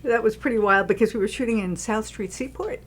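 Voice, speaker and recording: Woman from New York, film producer, casual chat, acts out quotes, animated storyteller. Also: fairly high pitch, a little fast.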